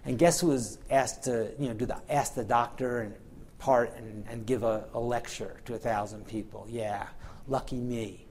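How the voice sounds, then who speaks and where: A middle-aged man delivers a medical lecture in a mid-pitched, everyday voice. He talks candidly and wryly, leaning on fillers like "you know" and "um" and circling back to restart his phrases. His tone is that of an experienced clinician telling stories to an audience. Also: steady tone, moderate pace, darkish tone, a little hiss or hum. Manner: candid, wry storytelling with frequent fillers. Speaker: physician and pain researcher.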